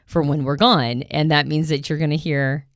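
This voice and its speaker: A woman co-hosting a casual podcast, talkative and animated, often laughing as she talks. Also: sits low, normal speed, dry recording, studio quality. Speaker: podcast co-host.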